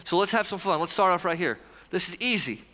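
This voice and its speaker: A man in his thirties preaches with a high, bright voice, loose and conversational, tossing quick asides to the people in the pews. His voice rings out with a long reverb through the church hall. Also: animated. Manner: conversational, talks straight to the congregation with quick asides. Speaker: pastor. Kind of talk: casual, joking sermon. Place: church sanctuary, live service.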